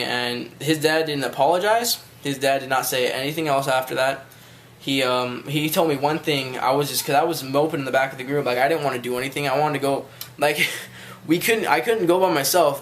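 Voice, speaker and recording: A man's voice: medium pitch, fairly bright tone, slight background noise. A man telling a rambling, casual story to his viewers, with loose phrasing and frequent swearing. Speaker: vlogger.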